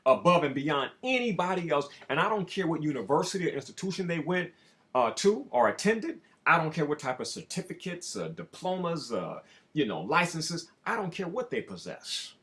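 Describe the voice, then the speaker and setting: Emphatic preaching man, lively pitch. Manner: emphatic and preachy, slow drawn-out phrases with sudden loud rises. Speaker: spiritual self-help speaker. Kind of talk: preaching monologue to camera.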